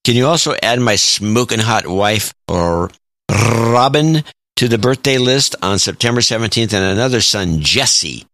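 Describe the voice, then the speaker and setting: A man's voice: lowish voice, animated, unhurried, a bit bright, no echo. A man co-hosting a podcast with dry, wry remarks, reading listener notes aloud. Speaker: podcast co-host.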